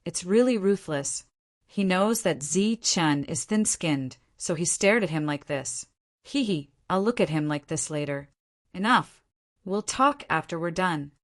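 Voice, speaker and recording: A playful young woman, read by a woman narrator, teasing and giggly. Her voice sits a little low for a young heroine. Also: expressive, unhurried.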